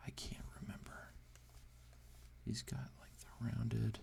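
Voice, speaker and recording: Taking it slowly in a whispered, warm, creaky mid-range voice with little pitch movement, a man chats casually while drawing. He's the amateur host of a drawing channel, thinking out loud, uncertain and self-deprecating about his attempts.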